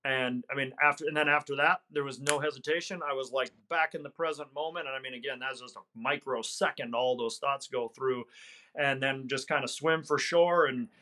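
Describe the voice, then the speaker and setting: A man's voice: medium pitch, a little fast, pushed and bright. A middle-aged man, a hunting guide, telling a story in conversation, earnest and reflective, with some fillers and restarts. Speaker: hunting guide, podcast guest.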